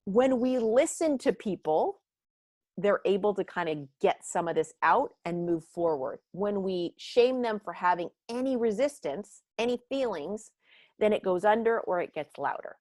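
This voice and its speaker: Lively woman leading a workshop. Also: mid-range voice, moderate pace, dry recording, studio quality. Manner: animated, acts out quoted voices. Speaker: workshop leader. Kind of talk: leadership workshop talk.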